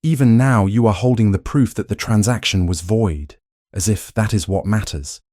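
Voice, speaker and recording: A man voicing a young woman who speaks flatly and bitterly, her voice trembling. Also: lowish voice, moderate pace, no echo, studio quality, voice pushed up, natural voice. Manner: flat, trembling, accusing.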